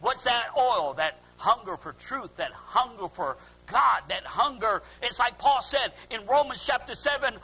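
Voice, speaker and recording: Man, pastor, fervent sermon, very high voice, sharp bright tone. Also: lively intonation, unhurried, hardly any pauses, slightly rough, low-quality recording. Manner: fervent preaching with shouted calls and laughs.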